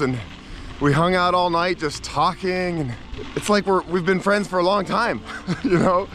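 A man's voice: sits high, fairly even intonation, measured pace, a bit bright, slight background noise. Upbeat man vlogging outdoors. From United States. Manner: chatty, upbeat, laughs often. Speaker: bikepacking vlogger. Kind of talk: casual travel vlog to camera. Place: outdoors on country roads.

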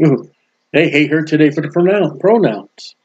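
A man preaching a sermon with emphasis, swinging between loud proclaiming and quiet asides. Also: on the high side, expressive, moderate pace, muffled recording.

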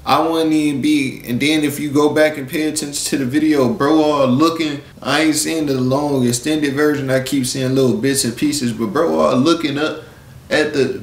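A man's voice: a little high, fairly even intonation, normal speed, reverberant. A man giving a blunt, preachy commentary in street slang, lecturing his viewers and calling them "bro". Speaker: live-stream commentator. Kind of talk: casual commentary rant.

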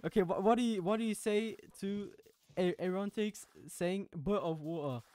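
A fellow player chatting casually during a game, relaxed and saying bro a lot. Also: medium pitch, moderate pace, clear, resonant tone, no echo. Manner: laid-back, says bro a lot. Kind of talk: casual gaming chat.

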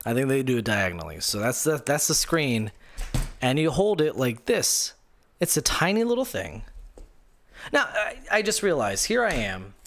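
A man's voice: medium pitch, very animated, normal speed, a bit bright. A male gaming show host ranting live, sarcastic and incredulous, rambling through restarts and reading viewer comments aloud. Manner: rambling with many restarts and fillers. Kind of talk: live-streamed gaming rant.

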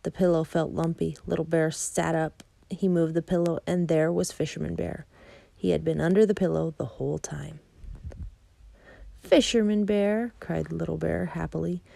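Woman narrator, low and mellow with some fry, calm and measured, reads a kids' picture book. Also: no room sound. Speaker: storybook reader. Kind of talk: reading a children's picture book aloud.

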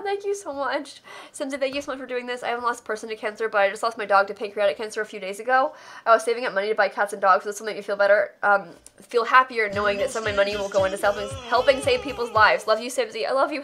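A woman's voice: on the high side, sharp tone. A young adult woman streamer reading donation messages aloud on a live charity stream, thanking people in an effusive, emotional way.

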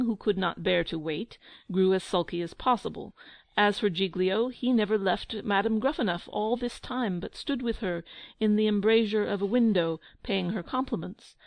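A woman narrating a children's audiobook with measured, expressive storytelling. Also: medium pitch, no echo.

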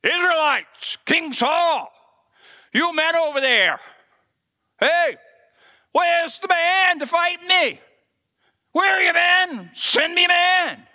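A man preaching voices a boastful giant warrior, shouting taunts at an opposing army. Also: very high-pitched, animated, unhurried, full character voice. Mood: taunting.

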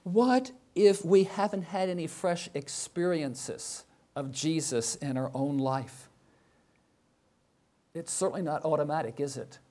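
Warm, reflective older man preaching. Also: a little high, unhurried. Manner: reflective, asks rhetorical questions. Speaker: professor and chapel speaker. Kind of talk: sermon.

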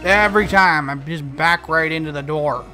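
A man's voice: fairly high pitch, normal speed, over music. A man doing casual let's play commentary, joking, swearing and talking back at the game.

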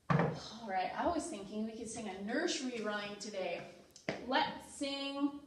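A woman teaching young children with slow, singsong, coaxing teacher talk. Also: a little high, animated. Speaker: preschool teacher. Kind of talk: online lesson for young children. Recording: echoey room, far from mic, faint noise.

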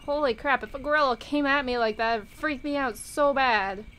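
A woman giving casual gameplay commentary, excitable, shrieking and swearing at the game. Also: high-pitched, normal speed, rough recording. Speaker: gaming YouTuber.

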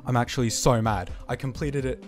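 A man's voice: mid-range voice, brisk. A man commenting as he plays a rhythm game, breaking into exasperated outbursts and mocking himself. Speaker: gamer playing a rhythm game. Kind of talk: live gameplay commentary. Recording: game music under voice. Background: electronic game music.

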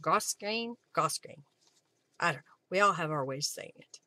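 A woman's voice: sits low, racing, sharp tone, dry recording. A woman hosting a live craft session, chatting casually and reading viewer comments aloud with frequent laughs. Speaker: craft livestream host.

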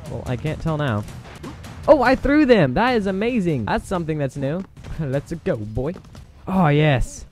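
A young man casually commenting on a game as he plays, excitable and quick to exclaim. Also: fairly high pitch. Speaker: gameplay commentator. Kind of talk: casual let's play commentary. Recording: game music and gunfire loud behind voice. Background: game music and gunfire.

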